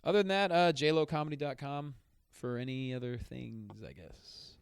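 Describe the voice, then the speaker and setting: Animated male comedian guest. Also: medium pitch, normal speed, gravelly, clean tone, no room sound. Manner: animated storyteller. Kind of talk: casual movie podcast chat.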